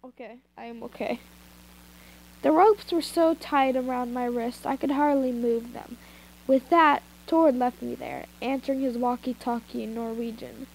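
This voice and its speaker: Recorded on a phone with poor sound, a woman with a fairly high, vocal-fry voice reads fanfiction in no hurry. It's an informal amateur reading, broken up by asides and retakes.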